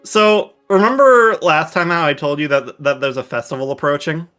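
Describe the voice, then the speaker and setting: A man's voice: a little high, normal speed, sharp tone. A man narrating as game master of a tabletop game, talking loosely with hesitations. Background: faint background music.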